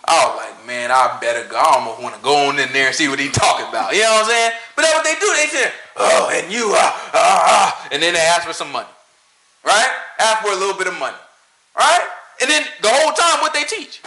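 A man talking casually about church and preaching, animated and joking, often laughing. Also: high-pitched, quick pace, reverberant, a little hiss or hum, rough recording. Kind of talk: casual opinion talk.

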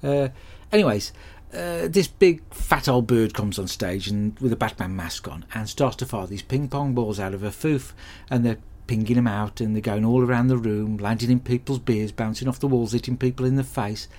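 Guy doing a rambling sweary bloke, deadpan, mid-pitched, hapless and put-upon. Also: moderate pace, hardly any pauses, close to an everyday voice. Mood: grumbling. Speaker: comedy podcast character host. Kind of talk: scripted comic monologue.

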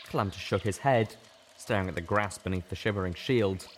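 A man reading a fan fiction story aloud as an audiobook narrator, with expressive delivery. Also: deep voice, brisk, slight background noise.

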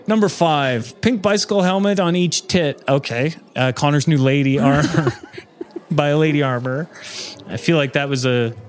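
A man's voice: fairly high pitch, normal speed, slight background noise. A man hosting an improvised comedy podcast, reading out a mock-serious countdown list.

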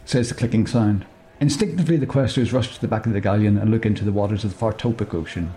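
A man's voice: on the low side, fast talker, mellow, slight background noise. Chuckling man telling a comic story. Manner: chuckling, breaks off to joke and correct himself. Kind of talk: comic improvised story narration.

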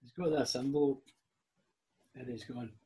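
A middle-aged Scottish man tells a long anecdote in a relaxed, chatty way, acting out the other people's lines as he goes. His voice is exceptionally smooth and clear at an ordinary male pitch. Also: moderate pace. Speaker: guest. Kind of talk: casual storytelling.

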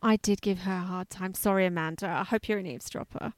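A woman's voice: on the low side, fairly even intonation, fast, no room sound, clean studio sound. A woman co-hosting a podcast, giggly and self-deprecating in casual chat. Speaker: podcast co-host.

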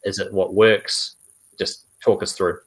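A man's voice: low voice, flat delivery, measured pace, fairly bright tone. A man hosting a casual football fan podcast, enthusiastic and handing questions to his co-hosts. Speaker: podcast host.

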